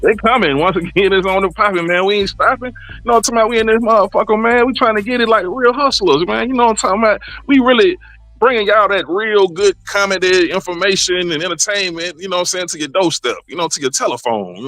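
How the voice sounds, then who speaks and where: A man hosting a comedy podcast with a loud, rowdy monologue, dropping to low mutters and jumping to high exclamations. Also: no room sound. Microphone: desk mic, livestream.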